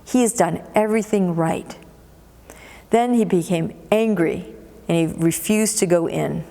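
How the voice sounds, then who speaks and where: A woman's voice: lowish voice, a little slow, vocal fry, mellow. A woman pastor preaching a sermon in a church, telling the story expressively and repeating words for emphasis. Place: church sanctuary. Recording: long church reverb.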